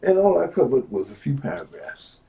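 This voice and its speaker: A middle-aged man giving a lecture from a book, repeating key phrases slowly and swinging from low asides to loud exclamations. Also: big pitch swings, gravelly, lo-fi sound.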